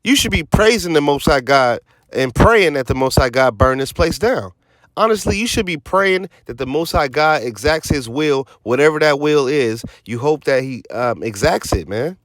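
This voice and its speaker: A man's voice: a little high, expressive, moderate pace, fairly bright tone, no echo, clean studio sound. A man preaching scripture informally, emphatic and streetwise, often tossing in "man" and "right?" and sarcastic asides. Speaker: teaching officer of a religious group.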